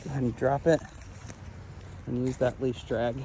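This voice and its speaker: A man's voice: flat delivery, normal speed, dark tone, a little hiss or hum. Laid-back male dog trainer outdoors. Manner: switches to high sing-song praise for the dog; laid-back, chatty, laughs often. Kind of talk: casual training walkthrough. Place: outdoors on a wooded trail near a creek.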